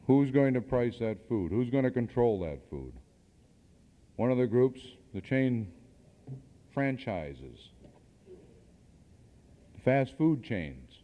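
A man's voice: mid-range voice, big pitch swings, takes it slowly, pauses often. A man addresses a seminar audience, pressing his points with rhetorical questions and the odd dry aside. The sound comes from worn cassette tape, muffled and lo-fi, with a long reverb trailing off the walls of a hall. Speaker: seminar speaker. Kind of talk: speech to an audience.

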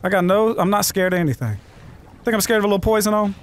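An American man with a high, lively voice, joking and swearing through casual gameplay chat as a channel host. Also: quick pace, slight background noise.

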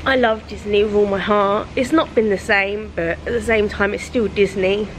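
A woman's voice: mid-range voice, steady tone, moderate pace, a little hiss or hum. A young woman vlogging casually, chatty and openly emotional as she talks to camera. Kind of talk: casual travel vlog.

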